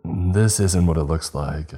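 A man voicing a calm young man who speaks in a warning tone in a horror story. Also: low voice, unhurried, slightly rough.

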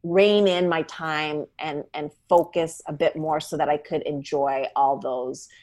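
A middle-aged woman, a cookbook author, chatting in an interview in a rambling, animated way from her farm home. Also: low voice, unhurried. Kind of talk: casual interview chat.

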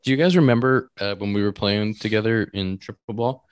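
Animated man telling a baseball story. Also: lowish voice, a little fast, smooth. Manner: animated storytelling, repeats words for emphasis. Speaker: podcast co-host, pro baseball player. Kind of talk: casual chat.

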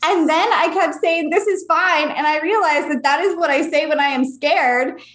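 A woman's voice: sits high, normal speed, a bit bright. A woman co-host telling a story in casual chat, blunt and swearing freely. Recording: roomy echo.

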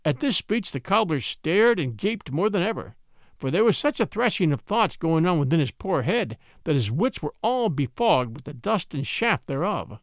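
Expressive male storybook narrator. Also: on the high side, moderate pace, dry recording, clean studio sound. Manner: expressive, lively reading. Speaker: audiobook narrator.

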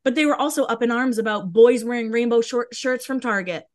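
A woman's voice: fairly high pitch, a little fast. A woman co-hosting a podcast in casual chat, talking bluntly and heatedly and swearing freely. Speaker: podcast co-host.

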